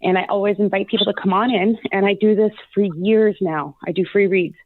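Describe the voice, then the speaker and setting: Calling into a radio show as a psychic guest, a woman chats casually and effusively, using lots of "like" and "you know." Her medium-pitched voice is fairly quick with fairly even intonation, and the tinny phone line carries no room sound.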